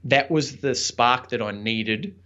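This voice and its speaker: A young man speaking as an interview guest, recounting a personal story with an earnest, reflective tone and a casual, filler-sprinkled delivery. His voice sits at a middling pitch for a man. The audio is slightly dull and lo-fi. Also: takes it slowly, bright, forceful tone. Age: young adult. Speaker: podcast guest, entrepreneur and author.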